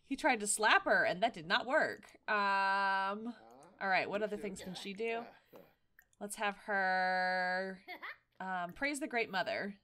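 A woman hosting a casual game playthrough, excitable and quick to gasp and laugh as she reacts. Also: medium pitch. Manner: excitable, frequent gasps and laughter. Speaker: gaming video host. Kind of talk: casual let's-play commentary.

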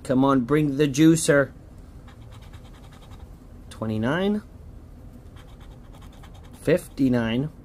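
A man's voice: mid-range voice, drawn-out words, long pauses, a little mellow, slight background noise. A man giving casual running commentary as he scratches lottery tickets, chatty and hopeful, pleading with each ticket to hit.

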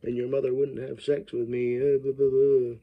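A man voicing a furious male killer in a shouted, deliberately exaggerated way. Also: mid-range voice, little pitch movement, phone-quality sound, pitched above the performer's own voice, close to an everyday voice. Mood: ranting. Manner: yelling, crude, mocking exaggeration.

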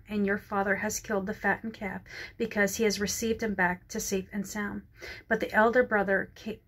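A woman sharing a prophetic word and reading scripture in a dark room, halting over words and close to tears. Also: medium pitch. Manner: halting reading with stumbles and apologies.

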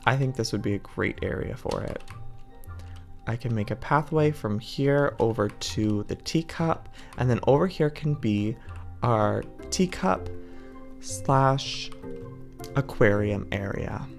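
A man's voice: medium pitch, animated, slow pace, gravelly, faint music behind. A man hosting a gaming video, chatting to viewers in a playful, dramatic way as he plays. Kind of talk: Minecraft let's-play commentary.

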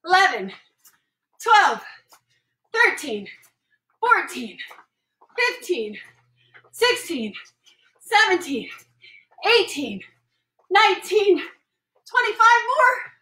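A woman leads a home workout, a mother counting reps and calling out stretches with cheerful encouragement. Her voice sits high and bright. She is recorded from across an echoey room at home, set back from the camera. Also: sing-song, very slow, long pauses. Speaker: mother leading a family workout. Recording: echoey room, voice from far off the mic.

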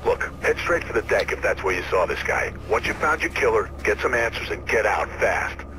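An actor playing a seasoned male radio operator who guides a runner in a steady, fatherly, instructive way. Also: lowish voice, a little fast, background noise, lightly acted. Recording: game audio with music underneath. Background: game music.

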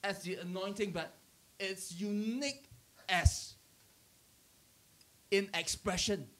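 Speaking slowly in a high register, a middle-aged pastor teaches his church in a conversational way. He tells stories with animation, chuckles, and frequently starts his sentences over.

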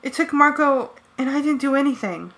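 A woman's voice: high-pitched, animated, normal speed, fairly bright tone, pitched above the performer's own voice. A woman voicing an anxious, guilt-stricken teenage girl in a fan audiobook, with a pleading, shaky delivery. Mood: upset. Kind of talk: fan audiobook character reading.

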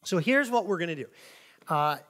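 A man teaching from the Bible in a relaxed, conversational way. He reads passages aloud and then explains them informally. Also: sits high, moderate pace. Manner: conversational, with frequent "like" and "kinda". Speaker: preacher.

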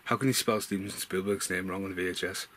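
A man giving an excitable, sweary movie review at home in a room full of film collectibles, saying wow again and again. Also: low voice, quick pace. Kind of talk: casual excited vlog review.

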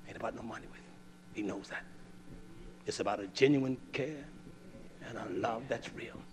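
An older man preaching a sermon, scolding and fiery, swinging from low mutters to loud outbursts. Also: normal speed.

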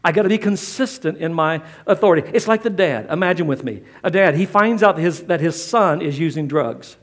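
A middle-aged man delivers a sermon from a church pulpit. His voice sits high for a man, and he is emphatic, driving points home by saying them twice. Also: lively intonation, fairly quick. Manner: emphatic, repeats key lines. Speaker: pastor.

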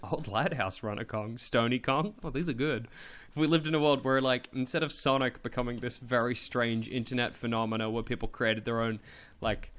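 A man streaming a game live, chatting casually and playfully with his chat, swearing now and then and swooping up in pitch when excited.

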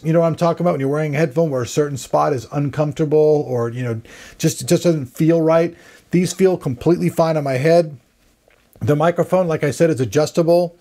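A man's voice: fairly high pitch, a little mellow. A man giving casual, rambling commentary as he unboxes and reviews a gaming headset, joking at his own expense. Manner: chatty, rambling, self-deprecating. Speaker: tech reviewer.

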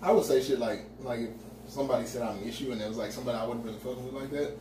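A man's voice: medium pitch, fairly even intonation, racing, a loud crowd. A man co-hosting a casual podcast chat, joking in loose slang and often trailing off mid-sentence. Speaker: podcast co-host. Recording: echoey room, mic at a distance, background noise.

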